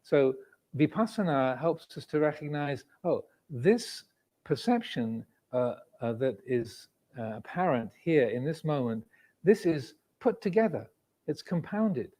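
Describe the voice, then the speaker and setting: Monk in his 60s, dharma talk, unhurried and reflective, pauses often, voice a bit high. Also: lively intonation, dark tone. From England. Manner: measured, reflective, pauses with frequent fillers. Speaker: Buddhist monk teacher. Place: indoor meditation hall with cameras and air conditioning.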